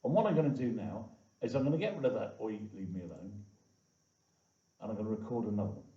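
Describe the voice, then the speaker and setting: A man's voice: medium pitch, big pitch swings, racing, mellow. A man teaching a coding tutorial to viewers in a chatty way, full of "okay" and "all right". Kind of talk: screen-recorded coding tutorial. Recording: echoey, distant, dull lo-fi room sound.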